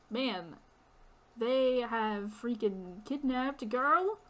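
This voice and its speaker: A woman's voice: on the high side, expressive, measured pace, fairly bright tone. A woman streamer chatting casually over gameplay, laughing and correcting herself. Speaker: game streamer.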